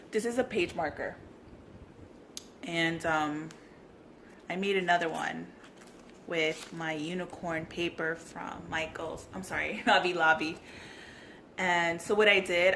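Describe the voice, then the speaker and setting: A woman vlogging a casual craft tutorial, gushing and bubbly, at times dropping to soft whispers. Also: fairly low pitch, vocal fry, background noise.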